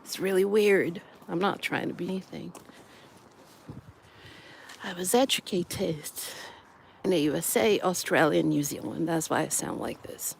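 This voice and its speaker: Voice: medium pitch, fairly even intonation, a little slow, creaky, long pauses. A middle-aged vlogger chatting reflectively while walking outdoors, recorded on a phone. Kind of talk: casual walking vlog. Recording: noisy outdoor recording with passing vehicles.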